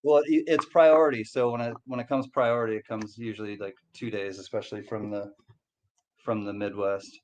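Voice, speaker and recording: A man hosting a casual livestream, cheerfully greeting viewers by name in quick shout-outs. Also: on the low side, steady tone, slight background noise. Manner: upbeat, reads out chat names in quick greetings. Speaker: livestream host.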